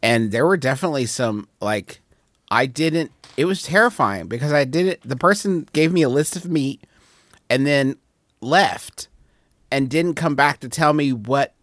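A man's voice: medium pitch, expressive, a little slow, a bit bright, no echo. A man co-hosting a comedy podcast, telling a restaurant mishap story with mock indignation. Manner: indignant, storytelling, rising to outrage. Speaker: podcast co-host. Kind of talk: comedic casual chat.

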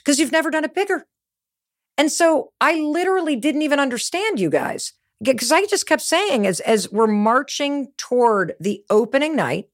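A middle-aged woman giving a motivational talk, telling stories with energy and emphasis. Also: a little high. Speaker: motivational speaker.

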